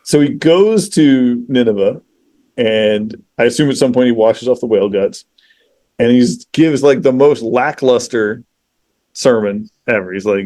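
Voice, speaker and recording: A man in casual podcast conversation, retelling a story in a lively, profane way, peppered with "you know" and "like.". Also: mid-range voice, measured pace, no echo. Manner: animated, profane, acts out quoted characters; frequent fillers like "you know" and "like". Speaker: podcast guest.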